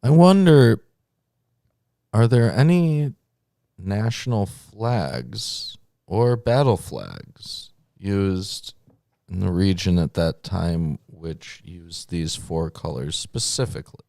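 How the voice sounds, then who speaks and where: A man's voice: sits low, lively intonation, vocal fry, dark tone, no echo. A man co-hosting a podcast, chatting casually and throwing in laid-back questions and jokes. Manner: slow, laid-back, joking interjections. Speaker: podcast co-host. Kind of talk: casual chat.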